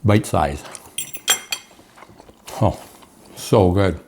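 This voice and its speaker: A man's voice: deep voice, very slow, a little mellow. A man hosting a home cooking show, enthusiastic and chatty, calling the viewers folks as he cooks in his kitchen. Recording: clear background frying noise. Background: sizzling pan.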